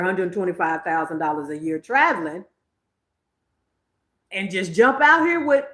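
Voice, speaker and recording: A woman's voice: lowish voice, reverberant. A woman, hosting a psychic livestream in casual, emphatic chat, laughing often. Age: 50s.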